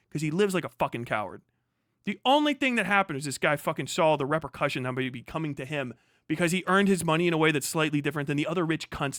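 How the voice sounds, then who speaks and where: A young man with a high, bright, sharp voice rants on a live stream. He swears constantly and sounds heated and mocking. The sound is close and dry. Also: no room sound. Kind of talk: profane ranting commentary on a live stream.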